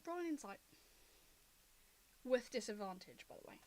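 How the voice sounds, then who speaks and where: A woman narrating as game master of a tabletop game, lively and laughing, with frequent ums. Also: on the high side, moderate pace.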